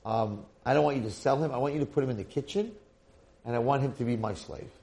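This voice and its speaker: Man doing jealous spoiled rich boy, demanding, mocking, gravelly, a bit louder. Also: mid-range voice, quick pace, natural voice. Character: spoiled jealous young prince's son.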